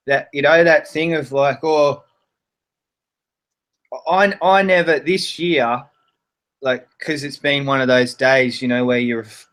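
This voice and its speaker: A man speaking as a guest in a casual chat, hesitant and reflective, with many halting restarts. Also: mid-range voice, fairly bright tone.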